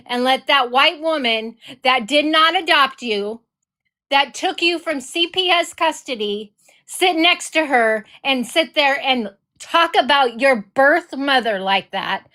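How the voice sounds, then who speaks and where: A woman's voice: high voice, fairly bright tone. A woman hosting a reaction video, ranting furiously in heated commentary, swearing and repeating her accusations. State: enraged.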